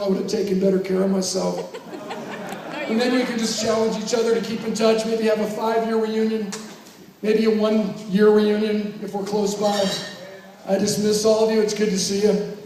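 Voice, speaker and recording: A man in his fifties giving an emotional, reflective reunion speech with jokes and slow pauses. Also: high-pitched, little pitch movement, a crowd in the background. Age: 50s. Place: large reunion hall. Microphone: handheld microphone heard from far off. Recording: echoey hall from far off.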